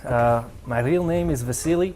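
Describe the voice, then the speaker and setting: A man from Russia putting on a thick Russian accent, playing a stern, deadpan Russian in clipped, broken English. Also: medium pitch, moderate pace, natural voice. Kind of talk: comic banter on a talk show.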